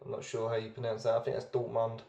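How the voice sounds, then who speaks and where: A man's voice: mid-range voice, monotone, quick pace, creaky, dark tone, echoey room. A man hosting a casual beer review video, chatty and rambling, often hesitating as he goes.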